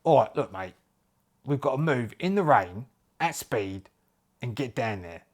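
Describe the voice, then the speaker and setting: A man voicing a gruff, impatient male squad leader who speaks bluntly and curtly. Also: medium pitch, animated, unhurried. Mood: stern. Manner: blunt, curt, bossy.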